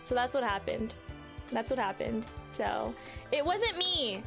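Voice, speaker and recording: A woman streaming a video game, chatting casually and telling stories in an animated way, with plenty of fillers and casual swearing. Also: a little high, unhurried, gravelly, music in the background. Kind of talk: casual chat while playing a game live.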